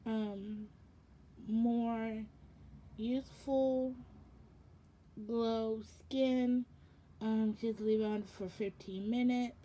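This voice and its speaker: A woman's voice: a little high, dark tone, slight background noise. A young woman chatting casually through a product unboxing, rambling with lots of ums and self-corrections, sounding sleepy and yawning. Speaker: vlogger.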